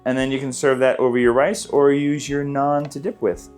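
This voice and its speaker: A man's voice: mid-range voice, little pitch movement, normal speed, darkish tone, soft background music. A man hosting a casual cooking video, walking through a recipe in his home kitchen in an easygoing, chatty way. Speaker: cooking channel host.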